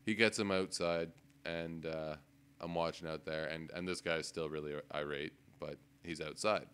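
A man's voice: rumbling low, moderate pace, clean tone. A man on a podcast telling a casual story, swearing often and laughing as he goes. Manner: profane, laughing, animated storyteller. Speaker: podcast co-host. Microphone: desk microphone.

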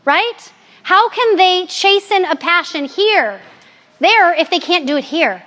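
A woman in her forties gives a personal faith talk to a gathered audience. Her voice sits high, and she speaks candidly and with animation, mixing in jokes. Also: animated, slow pace, sharp tone. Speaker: Catholic speaker.

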